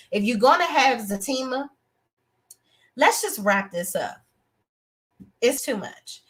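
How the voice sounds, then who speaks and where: A young woman hosting a live TV review stream, talking in a blunt, animated, outspoken way with features. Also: medium pitch. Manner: animated, outspoken, breaks into acted voices of characters. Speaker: TV review show host.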